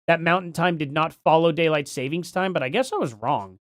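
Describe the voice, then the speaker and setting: A middle-aged man hosting a casual livestream, thinking out loud and reading chat aloud, with lots of ums and restarts. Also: a little high, brisk, no room sound, studio quality. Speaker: livestream host.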